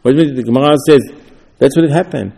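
Animated man preaching in a reverberant hall. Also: very fast, gravelly, husky. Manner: animated, dramatizing dialogue with swings in pitch and loudness. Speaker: rabbi teaching Torah. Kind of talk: sermon with acted-out quotes.

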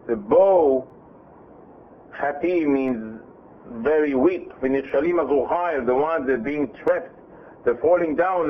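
A man teaching a Bible class, reading verses and translating them, retelling the story in a lively way with frequent self-repeats and restarts. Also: on the high side. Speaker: Torah teacher. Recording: tinny phone-like line with faint hiss.

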